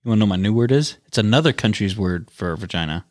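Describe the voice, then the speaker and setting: Animated, joking male podcast co-host. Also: lowish voice, quick pace. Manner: swears a lot, animated and joking. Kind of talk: casual crude banter.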